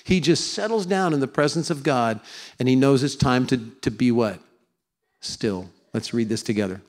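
A man preaching a sermon to a congregation, slowing down to read scripture together and putting on whiny high voices to make a point. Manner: animated preaching, mimics whining voices in a high pitch; slows down for congregational scripture reading. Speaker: pastor. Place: church sanctuary with congregation.

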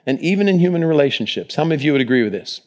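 A man preaching a sermon to a congregation in a conversational, animated way, often acting out short quoted prayers. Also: a little high, rapid-fire. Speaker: pastor.

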